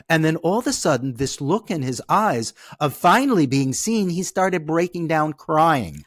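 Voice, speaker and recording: Animated man telling a story, dry close sound. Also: a little high, moderate pace, hardly any pauses, no echo. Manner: expressive, repeats "okay?" to check in with the listener. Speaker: podcast guest.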